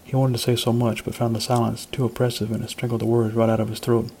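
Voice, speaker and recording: A man, an author, reading his short story aloud in a measured, even manner. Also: mid-range voice, a little hiss or hum, rough recording.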